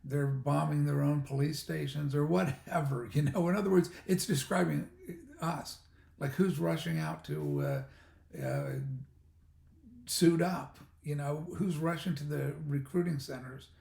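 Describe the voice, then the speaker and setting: A man's voice: a little high, steady tone, unhurried, gravelly, darkish tone. A man giving rambling, sarcastic commentary while reading a news article aloud, often restarting and stammering. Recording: echoey room.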